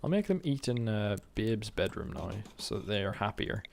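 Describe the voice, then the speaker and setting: A man's voice: lowish voice, big pitch swings, normal speed, vocal fry, background noise. A British man chatting casually with his live-stream viewers while playing a game, rambling and joking and humming to himself between remarks. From Britain.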